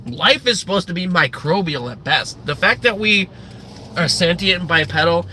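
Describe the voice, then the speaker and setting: A man from the Midwest US with a high, very bright and sharp voice, ranting on a casual livestream. He swears freely and drifts from one tangent to the next, and a faint car hum sits in the background. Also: lively intonation, normal speed, low-quality recording. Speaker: live streamer.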